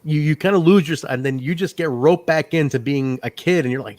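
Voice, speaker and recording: A man co-hosting a casual chat, talking in an animated way, laughing often and acting out quotes he recalls. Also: on the high side, brisk, no room sound. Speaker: podcast co-host.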